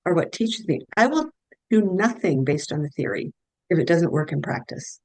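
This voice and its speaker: Low-voiced woman telling patient stories. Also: big pitch swings, moderate pace, a little mellow, no room sound, poor audio. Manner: earnest, anecdotal, frequent restarts. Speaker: guest health practitioner. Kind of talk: conversational interview storytelling.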